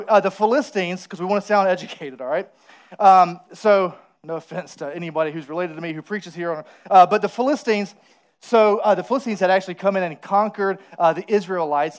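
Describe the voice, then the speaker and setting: A male pastor preaching a casual, lively sermon, telling a story and asking the congregation to repeat words after him. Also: sits high. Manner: lively storytelling with crowd call-and-response.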